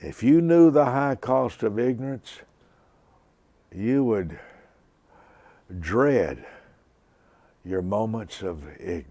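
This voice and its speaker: A man in his seventies preaching a sermon slowly and emphatically, repeating key lines. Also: fairly low pitch, animated, dark tone, dry recording. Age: 70s. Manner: slow, emphatic preaching with repetition.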